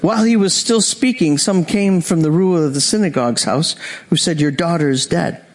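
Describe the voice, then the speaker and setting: A male preacher with a high voice delivers a sermon. He tells the story with animated energy, slipping into the voices of its people and laughing often. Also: brisk.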